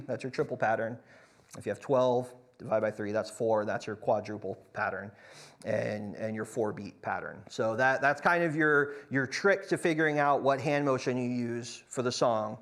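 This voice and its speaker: A man's voice: mid-range voice, a bit bright. A man teaching a church song leading class, counting beats aloud with frequent restarts. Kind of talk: church music class lecture.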